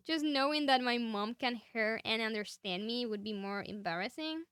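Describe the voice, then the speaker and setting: Bright young woman, Spanish accent. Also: on the high side, animated, normal speed, clean tone, no echo. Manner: enthusiastic, rambling. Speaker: streamer. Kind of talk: casual chat with viewers.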